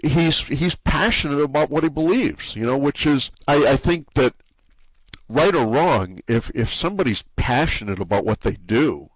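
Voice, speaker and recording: A man's voice: medium pitch, animated, no room sound. A man with a New England accent, talking in a casual interview about his forum and its people, stumbling and restarting his sentences often. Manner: halting, many restarts and repeated words. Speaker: forum site owner being interviewed.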